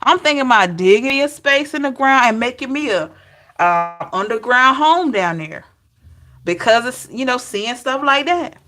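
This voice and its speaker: Here a female tarot reader talks easily with people watching her stream, laughing, replying to each by name, and drawing out astonished exclamations. The voice sits high, animated and slightly bright.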